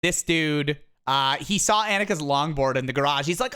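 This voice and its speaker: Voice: mid-range voice, moderate pace, clear, resonant tone. A streamer chatting casually from a home office, rambling with frequent restarts while showing photos of a new home. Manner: rambling, with restarts and animated quips. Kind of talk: casual live-stream chat.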